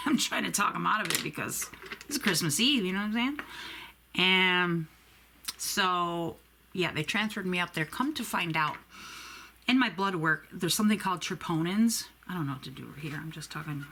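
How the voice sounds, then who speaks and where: A woman's voice: fairly low pitch, expressive, normal speed, sharp tone, a little hiss or hum. A woman in her forties telling a long rambling story while doing her makeup, chatty and swearing freely. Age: 40s. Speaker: beauty vlogger.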